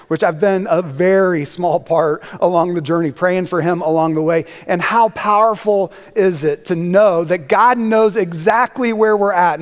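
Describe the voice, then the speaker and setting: Casual high-voiced man preaching as guest speaker, chatty storytelling, long church reverb. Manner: conversational storytelling with many fillers. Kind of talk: sermon.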